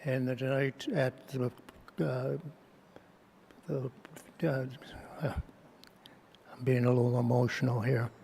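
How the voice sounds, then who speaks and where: An older man with laryngitis giving a halting, emotional acceptance speech at a banquet, hoarse and full of restarts. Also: medium pitch, little pitch movement, warm tone. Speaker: hall of fame inductee giving acceptance speech. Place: banquet hall. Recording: reverberant hall, faint room noise.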